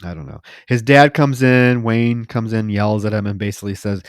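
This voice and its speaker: A man's voice: lowish voice, normal speed, few pauses, clear, resonant tone, no echo, studio quality. A man co-hosting a podcast, recapping a film in casual, profane, wry storytelling and acting out its characters' lines. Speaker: podcast co-host. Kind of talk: casual movie recap chat.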